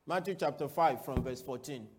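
A man preaches to his church, posing rhetorical questions and calling for answers while moving between loud declarations and quiet asides. His voice is medium-pitched at a moderate pace, with slight background noise.

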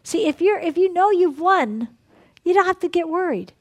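A woman preaching in a lively, conversational way, laughing often and dropping to a hushed tone to lead prayer. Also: very high voice, moderate pace. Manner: drops to a soft, hushed tone in prayer. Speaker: pastor leading a ministry night. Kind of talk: sermon and guided prayer.

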